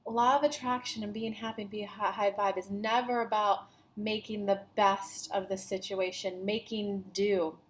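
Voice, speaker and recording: A woman's voice: mid-range voice, flat delivery, normal speed, few pauses, a little hiss or hum. A woman giving a channeled spiritual talk, speaking as a collective "we" and repeating her key phrases earnestly. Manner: speaks as a collective "we", talks about herself in the third person.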